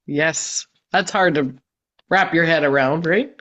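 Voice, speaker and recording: A woman co-hosting a live feng shui show who is under the weather and coughing, speaking in a flat, low-energy way. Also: slow pace. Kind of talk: casual live-stream chat.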